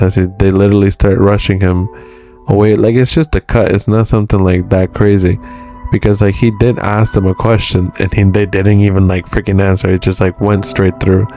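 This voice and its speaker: A man's voice: sits low, dark tone. A man in a casual manga chapter recap who retells each scene in a loose way and keeps saying "he's like.". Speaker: manga reviewer.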